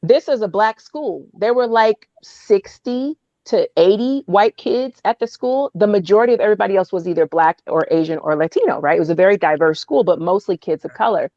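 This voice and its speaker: Animated woman telling a story. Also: fairly quick, hardly any pauses, dry recording, muffled recording. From Oakland, California. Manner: animated, laughs often, acts out quotes in a high voice. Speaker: podcast guest. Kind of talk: casual storytelling.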